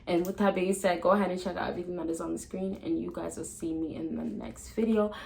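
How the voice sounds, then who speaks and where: A woman's voice: fairly low pitch, fast talker, vocal fry, low-quality recording. Chatty woman giving dating advice. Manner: chatty, emphatic, swings between loud excitement and soft calm; laughs often mid-sentence. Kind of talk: casual advice vlog to camera.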